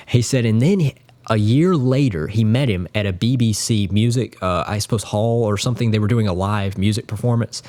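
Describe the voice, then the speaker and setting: Earnest, low-voiced man musing aloud. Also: fairly quick, darkish tone. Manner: earnest, rambling, admiring. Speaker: guitar YouTuber. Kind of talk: casual spoken tribute.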